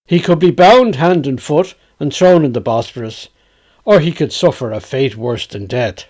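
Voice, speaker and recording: Lively Dublin storyteller man. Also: mid-range voice, moderate pace. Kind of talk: recited tale.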